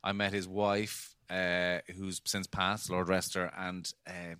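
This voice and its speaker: A man's voice: deep voice, level tone, slow, bright, forceful tone, clear, resonant tone, no echo, clean studio sound. A man with a Cork accent, a podcast guest telling rambling theatre anecdotes in casual chat, with frequent swearing.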